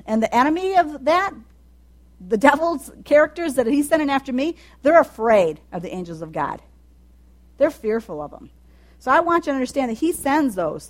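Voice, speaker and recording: A woman preaching a sermon in a conversational way, dropping soft and low, then building to loud, high emphatic passages with asides to her listeners.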